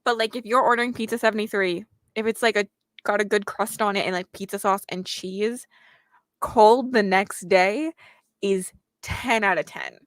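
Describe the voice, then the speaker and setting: A young woman hosts a casual reading livestream. She reads viewer comments aloud and answers them in a chatty way. Her voice sits at a medium pitch and is recorded close and dry, with no room sound. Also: steady tone, moderate pace, no room sound. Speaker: booktuber host reading chat aloud.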